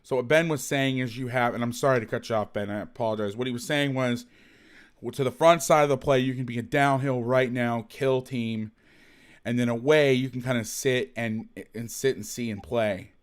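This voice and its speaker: A man's voice: mid-range voice, steady tone, moderate pace, smooth. A man hosting a casual football film breakdown, rambling, self-deprecating and swearing freely. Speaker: host, football film analyst.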